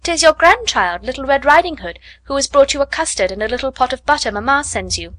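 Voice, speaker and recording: Lady putting on a little storybook girl, sweet and trusting, voice pushed up higher, dry close sound. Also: expressive, brisk, fairly bright tone, no room sound. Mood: polite. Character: small innocent trusting girl in a fairy tale.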